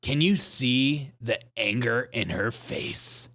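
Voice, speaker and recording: A man's voice: medium pitch, takes it slowly, few pauses, fairly bright tone. A man hosting a show, mocking political clips with sarcastic, laughing commentary. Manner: sarcastic, laughing, jumps between voices. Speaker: show host.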